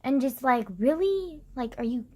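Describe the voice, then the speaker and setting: A young vlogger rants casually into the camera, her voice high, expressive and dark in tone at a moderate pace. Exasperated and sarcastic, she peppers her speech with "like," swears now and then, and mocks others in exaggerated put-on voices.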